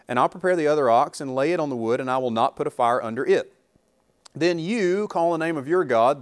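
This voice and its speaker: A man preaching a sermon, reading scripture aloud and breaking off into jokes and questions for the congregation. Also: a little high. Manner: reads scripture aloud, then riffs with humor and questions to the congregation. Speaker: pastor.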